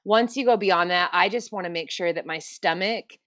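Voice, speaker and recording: A woman's voice: lowish voice, moderate pace, fairly bright tone, no echo. A woman guest on an interview show, chatting casually over a video call, laughing often and using many fillers. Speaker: guest ultrarunner.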